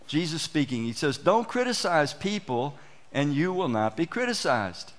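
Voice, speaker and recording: Lively man preaching a sermon. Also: mid-range voice. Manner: animated storytelling, acts out quoted exchanges. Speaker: pastor. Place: church.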